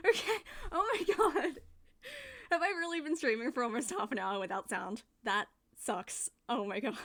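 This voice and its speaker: Her voice is on the high side and a bit bright as she chats casually during a gaming live stream, using a desk microphone. She laughs frequently, giggly and self-deprecating.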